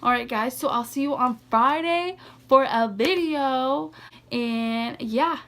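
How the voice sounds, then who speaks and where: Chatty young woman with a gravelly edge. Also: high-pitched, slow, fairly bright tone. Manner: rambling, heavy use of "like" and "legit", frequent laughs. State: sleepy, yawning. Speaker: vlogger. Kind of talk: casual storytime vlog.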